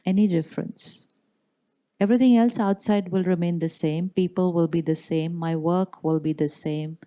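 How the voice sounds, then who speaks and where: A woman gives a spiritual talk in a large hall. Her voice sits low and mellow, and she moves through slow, calm affirmations with deliberate pauses. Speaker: spiritual teacher. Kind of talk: spiritual talk to a live audience.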